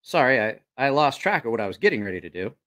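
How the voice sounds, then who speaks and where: A man's voice: medium pitch, big pitch swings, fast talker, a bit bright. A man hosting a casual live stream who rambles, swears freely and loses his train of thought. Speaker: knife channel livestream host. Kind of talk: casual livestream chat.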